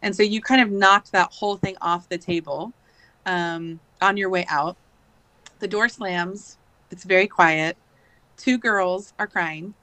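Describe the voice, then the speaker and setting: A woman's voice: lowish voice, unhurried, pushed and bright, dry recording. A woman in her thirties, a podcast guest, telling a long story in a chatty way full of fillers. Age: 30s. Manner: chatty, many fillers and likes. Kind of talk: casual storytelling.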